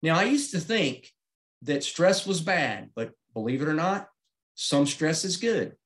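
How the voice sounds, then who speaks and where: A man's voice: fairly high pitch, expressive, a little slow, a bit bright. A middle-aged man giving a safety presentation, walking through slides step by step in a plain-spoken way and checking in with "okay?". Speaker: aviation safety instructor.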